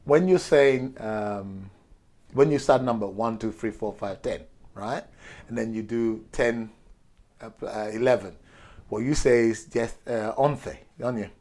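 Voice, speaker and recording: A man's voice: medium pitch, a little slow, darkish tone. An older man whose first language is Portuguese, tipsy and rambling through a profane history rant while acting out characters in quotes. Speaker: show regular.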